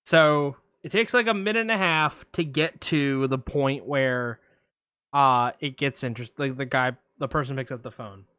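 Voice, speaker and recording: A man co-hosting a podcast, telling a story in a casual, animated way with lots of fillers. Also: mid-range voice, moderate pace, smooth, dry recording, studio quality. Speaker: podcast co-host. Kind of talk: casual chat.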